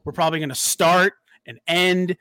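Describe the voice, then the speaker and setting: Bright-voiced hyped podcast host man. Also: high-pitched, normal speed, dry recording, clean studio sound. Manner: excited, hyped promo talk. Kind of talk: casual chat.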